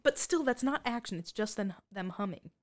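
A woman's voice: medium pitch, lively intonation, moderate pace. A woman co-hosting a casual movie recap, telling the plot in a dry, wry way and laughing often. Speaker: podcast co-host.

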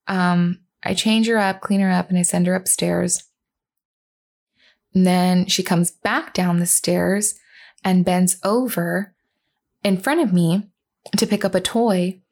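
A woman's voice: on the low side, vocal fry. A woman in her thirties, a mother earnestly recounting a personal story and retelling what was said. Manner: earnest, retelling dialogue, with fillers and restarts.

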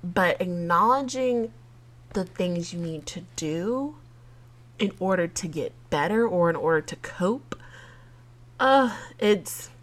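A woman's voice: lowish voice, animated, takes it slowly. A woman hosting a casual solo podcast. She is chatty and openly emotional, fights back tears, laughs between thoughts, and talks to her listeners as "y'all". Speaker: podcast host.

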